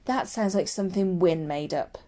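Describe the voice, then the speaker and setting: A woman's voice: lowish voice, moderate pace, dark tone, close to an everyday voice. A woman voicing a stubborn, sceptical young girl who speaks firmly and doubts everything around her. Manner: firm and doubtful.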